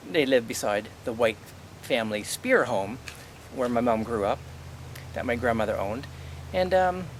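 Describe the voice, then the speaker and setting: A middle-aged man vents about his family in a blunt, aggrieved monologue, swearing freely and tossing out rhetorical questions. His voice sits at an ordinary middle pitch. A faint hum of ambient noise and passing vehicles runs behind him. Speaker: vlogger. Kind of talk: personal storytelling monologue.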